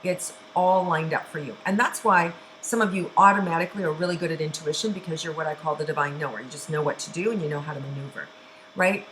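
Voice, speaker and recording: A middle-aged woman hosting a weekly intuition show, guiding listeners through breathing with a slow, soothing manner and frequent sighs. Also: low-pitched, fairly bright tone, slight background noise, rough recording. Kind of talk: guided meditation and intuitive reading.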